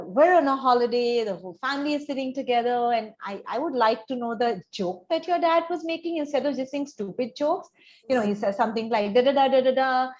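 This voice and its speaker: Higher-voiced woman coaching over a dull call. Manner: reflective, tells vivid example stories. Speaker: admissions essay counselor. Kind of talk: coaching a student on an essay over a video call. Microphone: video call. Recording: dull, lo-fi video call audio.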